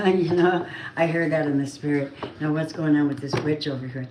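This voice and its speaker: A woman's voice: deep voice, flat delivery, moderate pace, darkish tone. A woman giving a casual tarot card reading, chatty and blunt, swearing now and then. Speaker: tarot reader. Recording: roomy echo, faint noise.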